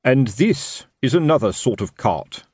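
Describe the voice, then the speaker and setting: A man's voice: mid-range voice, big pitch swings, measured pace, a little mellow, husky, dry recording, clean studio sound, pitched above the performer's own voice. A man playing a middle-aged city watch sergeant who talks expansively and self-importantly in a working-class way.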